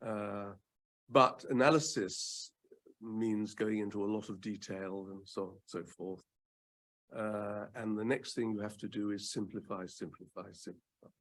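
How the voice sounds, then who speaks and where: An older British man, once an advocate, speaks in a fireside chat with measured delivery, repeating words for emphasis and pausing often with "um." His pitch is fairly low, with little movement, and his voice is a little mellow.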